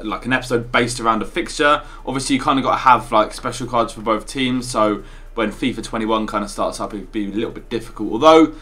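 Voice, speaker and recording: A young man hosting a gaming channel, chatting in relaxed banter and wrapping up with call-outs to viewers. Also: medium pitch, quick pace. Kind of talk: casual gaming chat.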